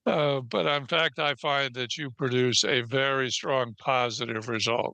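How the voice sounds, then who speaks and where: Older male panel chair, bright gravelly voice, loose talk full of fillers. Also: medium pitch, fairly even intonation, measured pace, dry recording. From United States. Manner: conversational with frequent fillers. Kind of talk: panel moderation.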